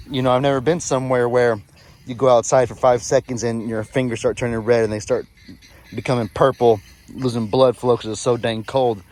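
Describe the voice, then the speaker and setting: A man with a Texan accent, chatting casually on his farm vlog in an easygoing, rambling, folksy way. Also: mid-range voice. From Texas. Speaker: farm vlogger.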